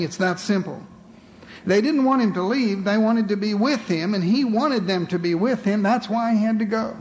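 A man's voice: sits high, normal speed, a little mellow, slight background noise. A man preaching a sermon to a congregation, with dramatic rhetorical questions, calling his listeners beloved.

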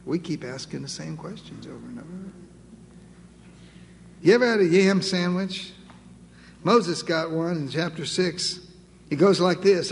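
A man preaching a sermon, emphatic and building through repeated phrases and pauses. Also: a little high, vocal fry. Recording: long reverb, faint background noise.

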